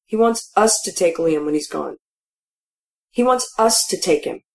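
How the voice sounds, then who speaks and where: A woman's voice: fairly low pitch, lively intonation, a little slow, gravelly. Nan, a shaken, tearful woman, voiced by a female reader. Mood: worried. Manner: shaken, pleading, near tears. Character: distraught woman, partner of the narrator. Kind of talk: audiobook character voice.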